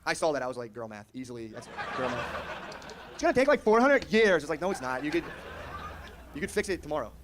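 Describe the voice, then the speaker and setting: A man doing a crude stand-up set in a quick, loose, conversational rush, his voice sitting a little high for a man. He talks brashly and keeps dropping into mocking little voices. A faint room murmur sits underneath. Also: very animated, fairly bright tone, some chatter behind, a little hiss or hum. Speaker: stand-up comedian.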